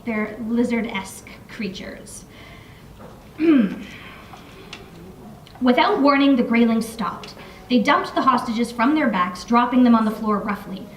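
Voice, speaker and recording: A woman's voice: on the high side, slow pace, pauses often, slight background noise. A young woman author reading aloud from her novel in a library, with casual, filler-laden asides between passages. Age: young adult. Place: library room. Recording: echoey room, mic from far off.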